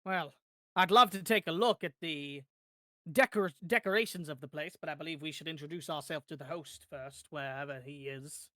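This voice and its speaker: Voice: medium pitch, normal speed, sharp tone, no echo, studio quality. Polite formal tabletop player. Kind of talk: in-character tabletop play.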